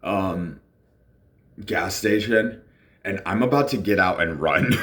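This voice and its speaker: A man's voice: sits low, slow, a bit bright, slight background noise. A man casually telling a personal story, rambling with fillers and acting out what people said.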